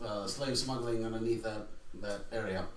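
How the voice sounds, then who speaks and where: A man's voice: on the low side, fairly even intonation, moderate pace, a little hiss or hum. A man recapping events as a player, hesitant, with fillers and laughter. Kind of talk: casual tabletop game chat. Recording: echoey room from far off.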